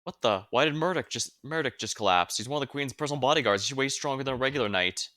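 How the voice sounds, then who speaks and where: Fast-reading male streamer. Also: medium pitch, bright, forceful tone, slight background noise. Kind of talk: reading game dialogue aloud. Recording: faint game music behind.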